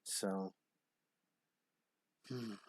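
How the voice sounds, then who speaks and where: A man's voice: fairly low pitch, steady tone, extremely slow, no room sound. A man hosting a stream, dropping dry, sarcastic asides over a played clip. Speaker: stream host.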